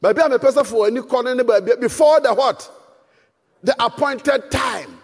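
A man with a Ghanaian accent preaching a sermon, shouting for emphasis and switching between English and Twi, in a hall with long reverb. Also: very high voice, normal speed.

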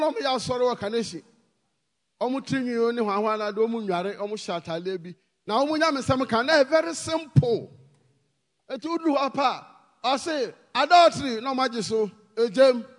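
A man with a Ghanaian accent preaching a sermon, pleading with the congregation and rising to shouted emphasis. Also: extremely high pitch, big-room sound.

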